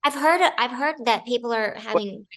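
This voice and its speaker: Brief: woman, bright forceful tone, animated storyteller on a video call interview. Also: on the high side, normal speed, low-quality recording. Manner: animated storyteller, acts out quotes. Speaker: actor guest. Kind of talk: casual interview chat.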